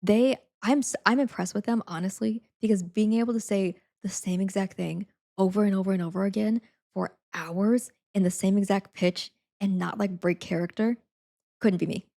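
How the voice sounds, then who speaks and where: A woman's voice: medium pitch, steady tone, normal speed, vocal fry, dark tone. A young woman streamer chatting casually, rambling with lots of fillers and frequent giggles. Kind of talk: casual chat.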